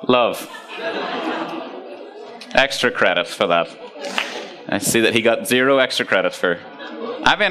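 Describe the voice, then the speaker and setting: Man, jokey youth talk, very animated pitch, chatty asides. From Ireland. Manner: playful, jokey, lively storytelling with asides to the audience. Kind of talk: casual talk to a youth group.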